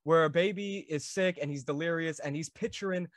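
Eager young man with high voice. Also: a little fast, no room sound, clean studio sound. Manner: eager fan, rambling questions with many fillers. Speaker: host. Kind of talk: video call interview. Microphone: video call.

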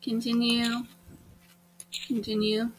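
A woman's voice: fairly high pitch, slow pace, slightly rough. A young woman chatting casually while hosting a dating-game playthrough, leading the way. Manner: chatty, bossy about the game, bursts into excited squeals. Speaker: let's play host.

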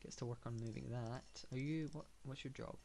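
A man talks his way through a building game in a mid-pitched voice, wandering from thought to thought with plenty of ums and hums. His remarks stay casual and laid-back, with dry, sarcastic asides. A faint hiss sits underneath. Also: fairly even intonation, fairly quick, gravelly, warm tone. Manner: meandering, thinking aloud with many fillers. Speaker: gamer. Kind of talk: casual gameplay commentary.

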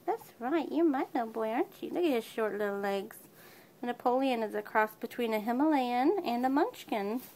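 A woman with a fairly high voice chats casually on a home pet video. She is a cat breeder and keeps slipping into sing-song baby talk with her kitten. A faint hiss of noise sits behind her. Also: animated, moderate pace, a little mellow.

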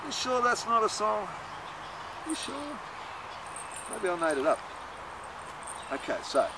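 A man rambling and chanting an improvised song, swinging between muttering and loud outbursts. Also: sits high, sing-song, unhurried. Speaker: performer in an experimental film. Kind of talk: rambling improvised monologue and singing. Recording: outdoor recording with clear street noise.

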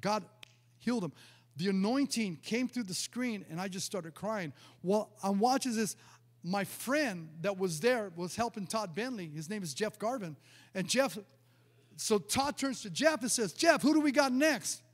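A man's voice: high-pitched, expressive, measured pace, long reverb tail. A male pastor preaching a sermon, telling a personal testimony in a storytelling way, often stumbling and repeating words. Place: church sanctuary.

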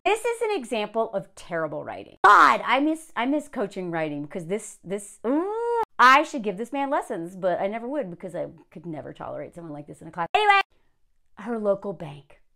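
Sarcastic, animated woman commentator. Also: mid-range voice. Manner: sarcastic, animated, gets worked up. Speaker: video commentator. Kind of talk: reaction commentary on a read-aloud story.

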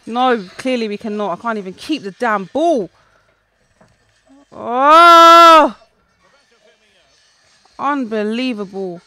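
A young woman reacting out loud while playing a football video game, shouting, groaning and talking to people in the room. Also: a little high, normal speed, few pauses, dry recording. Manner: talks back to people in the room. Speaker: gaming YouTuber.

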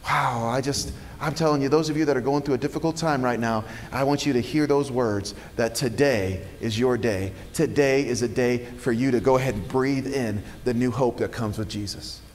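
A pastor preaching a sermon in a church, earnest and emphatic with dramatic pauses. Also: male voice, mid-range voice, in a large hall, slight background noise. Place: church sanctuary.

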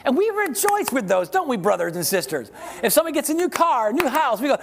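A man pastor preaching a sermon to a congregation, asking rhetorical questions, leading call-and-response, and slowing down to read scripture with emphasis. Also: extremely high pitch, very animated, gravelly. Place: church service with congregation.

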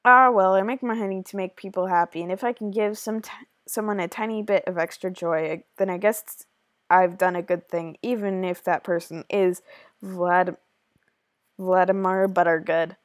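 A woman voicing a kind, secretive beekeeper woman in a game, speaking in a gentle, confiding way. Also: lowish voice, steady tone, moderate pace, no room sound, studio quality, close to an everyday voice.

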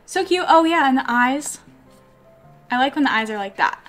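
A woman vlogger chatting excitedly to her viewers as she unboxes collectible toys, gushing and struggling with the packaging. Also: sits high, normal speed, faint music behind. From California, USA. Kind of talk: casual unboxing vlog.

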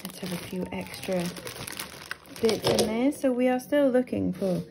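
A woman's voice: medium pitch, a little slow, creaky. A British woman chatting to her viewers as she unboxes things, exclaiming over each find. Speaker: vlogger. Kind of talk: casual unboxing chat. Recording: rustling packaging noise.

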